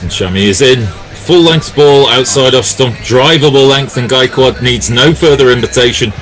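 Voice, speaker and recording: A man giving live ball-by-ball cricket commentary, with lively calls and jokey banter with his co-commentator. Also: medium pitch, moderate pace, soft background music.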